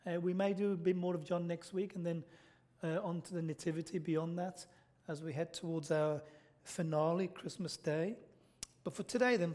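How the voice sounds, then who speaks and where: A British preacher with a high voice for a man delivers a church sermon in a steady, slightly mellow tone at normal speed. He keeps it conversational, posing questions to the congregation and checking in with "okay?" along the way.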